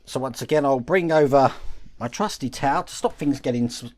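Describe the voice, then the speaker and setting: A man hosting a model-building channel, calmly explaining each step of the build while he works with his hands. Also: mid-range voice, a little fast.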